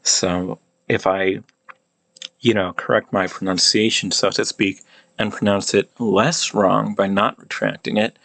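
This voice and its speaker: A man casually explaining pronunciation, thinking aloud with many halting restarts. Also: on the low side, flat delivery, creaky, fairly bright tone, no echo. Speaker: language hobbyist explaining pronunciation.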